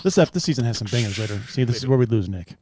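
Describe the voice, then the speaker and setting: Mid-pitched man, guest on podcast. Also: animated, rapid-fire, a little mellow, slight background noise. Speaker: guest co-host. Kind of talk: casual chat.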